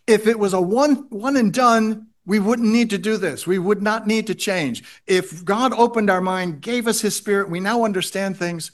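A man's voice: high voice, fairly bright tone. A man preaching a sermon, reading scripture aloud and repeating key phrases for emphasis. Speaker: pastor.

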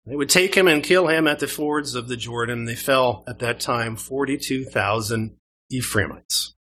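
A man's voice: mid-range voice, bright, forceful tone. A man from Canada with a Canadian accent, preaching a sermon to a congregation in a conversational way and asking them questions. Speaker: pastor. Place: church.

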